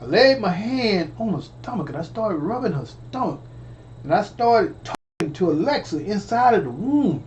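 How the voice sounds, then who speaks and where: A man's voice: sits high, big pitch swings, moderate pace, darkish tone, dull audio, slight background noise. A man telling a personal story in a casual way, stammering, repeating phrases and calling out to his listeners. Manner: stammering, repetitive, addresses audience directly. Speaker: storyteller vlogger.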